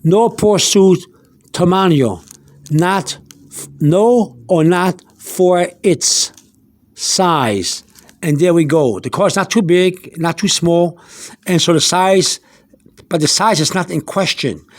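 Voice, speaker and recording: A man teaching an informal vocabulary lesson, going slowly over each word, spelling words out letter by letter and wandering into asides. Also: high-pitched, no echo. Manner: meandering, with many restarts and fillers. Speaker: Spanish teacher.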